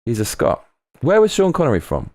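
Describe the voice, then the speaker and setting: A man hosting a livestream, reading viewer comments aloud and chatting in a rambling, animated way. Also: brisk, no room sound, clean studio sound. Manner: rambling and animated, swinging pitch, frequent restarts. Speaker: livestream host.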